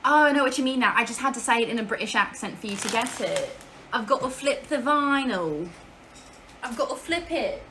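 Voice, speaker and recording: Woman streamer, chatty and loose, swears offhand, bright, forceful voice. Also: on the high side, lively intonation, fairly quick, a little hiss or hum. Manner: chatty, swears casually, answers chat aloud. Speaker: live streamer. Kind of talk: casual live-stream chat. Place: at home.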